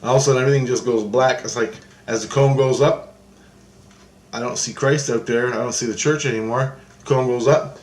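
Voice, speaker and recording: Male storyteller, mid pitch, recounts a vision in a loose, repetitive monologue, recorded in an echoey room. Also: steady tone, brisk, darkish tone. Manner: meandering, restarts often, repeats phrases. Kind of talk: rambling first-person account of a spiritual vision.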